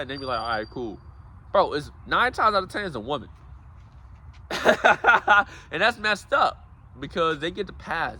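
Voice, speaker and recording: A man's voice: mid-range voice, pushed and bright, a little hiss or hum. A man giving a casual, preachy motivational talk, calling his listeners guys and bro. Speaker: self-help speaker.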